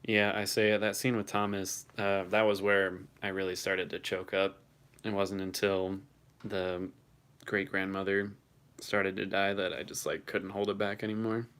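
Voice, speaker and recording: A man's voice: deep voice, little pitch movement, normal speed, a bit bright, smooth. A young man hosting his first livestream, reading chat and reacting casually, swearing now and then, his voice shaking from the cold.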